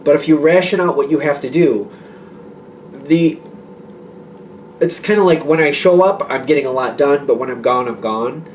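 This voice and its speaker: A man's voice: on the high side, normal speed, pauses often, a little mellow, distant mic, a little hiss or hum. A man giving a casual tarot reading to his viewers, rambling and reassuring, with many fillers and restarts. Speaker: tarot reader.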